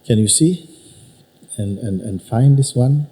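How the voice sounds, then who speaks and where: Spiritual teacher guy talking to a crowd, soft dark voice, slow and emphatic, keeps asking who is speaking. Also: medium pitch, animated, rough recording. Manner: probing, repeats questions to the listener. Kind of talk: satsang teaching talk. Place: teaching hall with an audience.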